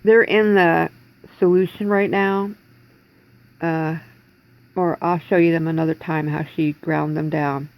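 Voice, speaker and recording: A woman's voice: low-pitched, level tone, unhurried, long pauses, rough recording. A woman in her forties talking in a rambling, distressed way in a personal video diary from home, holding back tears. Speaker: vlogger.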